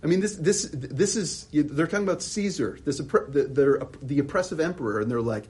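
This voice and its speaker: Male preacher, lively pitch, husky tone, rhetorical and conversational, restarts a lot. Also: a little fast, hardly any pauses. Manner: animated, rhetorical questions, frequent restarts. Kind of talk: expository sermon.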